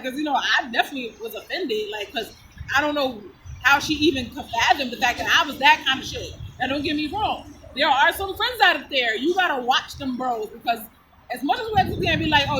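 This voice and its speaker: A woman's voice: sits high, normal speed, a little hiss or hum, rough recording. A woman chatting casually through a personal story, blunt and profane, laughing often as she retells it. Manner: animated, lively retelling. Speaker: storyteller vlogger.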